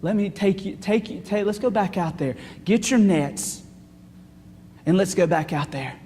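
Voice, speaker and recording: A man voicing a calm adult male teacher who coaxes others gently and insistently. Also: sits high, a little slow, slight background noise, pitched below the performer's own voice. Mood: coaxing. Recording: long reverb of a church hall.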